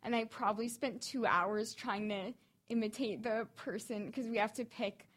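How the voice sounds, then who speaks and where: A woman co-hosting a podcast in a fairly high voice. She rambles through stories in easy, casual chat and slips in dry, sarcastic jokes. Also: steady tone, normal speed, fairly bright tone. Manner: chatty, dry sarcastic humor. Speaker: podcast co-host.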